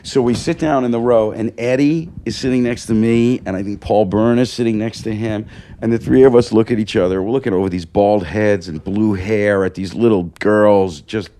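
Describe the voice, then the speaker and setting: A man with a fairly low voice recounts a story in casual conversation. He sets the scene step by step in a steady, deliberate way. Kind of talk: casual chat, anecdote telling.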